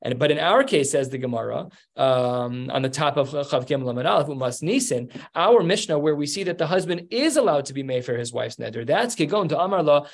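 A man's voice: fairly high pitch, expressive, brisk, creaky, hardly any pauses. Man teaching a Talmud class. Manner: explains step by step, acts out quoted lines. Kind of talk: Talmud lesson.

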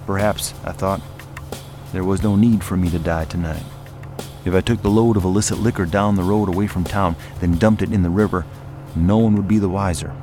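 A man reading a first-person story aloud in a hushed, somber storytelling manner. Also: low voice, fairly even intonation, fairly quick, soft background music. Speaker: narrator. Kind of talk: scripted first-person narration.

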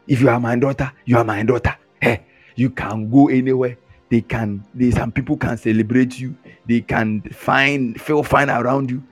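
A man delivers a lively sermon. He mimics boastful talk and chuckles at it, over faint music. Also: medium pitch, breathy edge. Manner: animated, mocking mimicry, frequent chuckles. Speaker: preacher.

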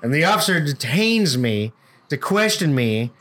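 A man's voice: on the high side, very animated, moderate pace, a bit bright. A man co-hosting a casual podcast, telling a work story with lots of swearing and acted-out quotes. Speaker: podcast co-host.

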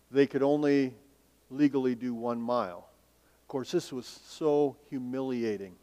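A male pastor preaching a sermon in a church sanctuary. He asks rhetorical questions and swings between emphatic and hushed delivery. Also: medium pitch. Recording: long reverb of a large hall.

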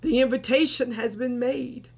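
A woman's voice: a little high, steady tone, moderate pace, creaky, darkish tone, slightly rough. A woman preaching a sermon with fervent emotion, reciting and singing hymn lines.

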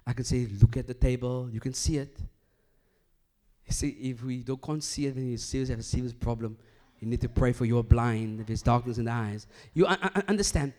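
A man delivers a sermon at a fairly quick pace, alternating emphatic loud passages with hushed low ones and circling back to repeated phrases to build his point.

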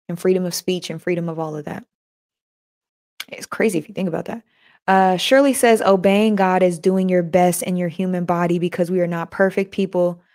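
A woman's voice: on the low side, darkish tone. A woman hosting a casual faith podcast live stream, chatting with listeners and reading their comments aloud.

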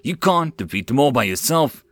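A man's voice: medium pitch, big pitch swings, normal speed, fairly bright tone, no echo, voice pushed up. A man voicing a commanding male officer riding a dragon, barking orders over the radio. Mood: urgent.

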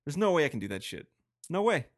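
A man's voice: on the high side, big pitch swings, quick pace, no echo, studio quality. A man co-hosting a casual podcast, joking and teasing with lots of swearing. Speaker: podcast co-host. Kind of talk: casual chat.

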